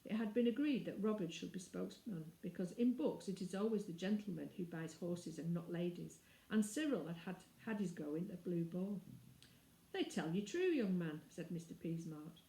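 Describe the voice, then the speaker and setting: A woman reading a classic children's novel aloud in a clear, measured storytelling manner. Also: lowish voice, dark tone. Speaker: reader. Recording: roomy echo.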